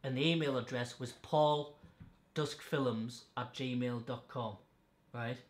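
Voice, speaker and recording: A man's voice: mid-range voice, steady tone, slow. A man hosting a podcast, telling stories in a blunt, sweary, casual way. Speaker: podcast host. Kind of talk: casual chat. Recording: echoey room.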